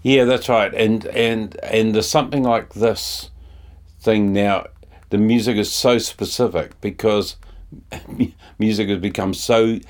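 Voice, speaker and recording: Rambling man with a low voice. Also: fairly even intonation, unhurried. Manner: rambling, hesitant, with many fillers and laughs. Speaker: music composer for advertising. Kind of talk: casual conversation.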